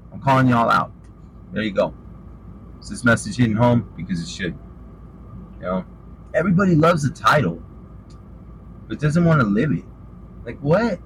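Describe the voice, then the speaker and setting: A man's voice: medium pitch, fairly bright tone, a little hiss or hum, poor audio. A man preaching an informal sermon, fervent and calling listeners out with rhetorical questions. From western United States.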